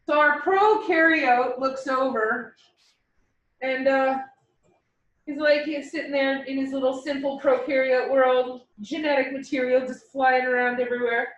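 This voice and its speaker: A woman's voice: high-pitched, unhurried, dull audio. A woman teaching a biology class, explaining cells in a playful, joking way. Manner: lively, joking with students. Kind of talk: classroom lecture with playful dramatization. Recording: echoey classroom, mic far from speaker.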